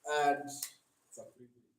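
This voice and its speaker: A man's voice: measured pace, fairly bright tone. Male coach, preachy motivational talk, roomy echo, faint room noise. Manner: preachy, asks audience for agreement. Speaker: digital marketing coach. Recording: echoey room, distant mic.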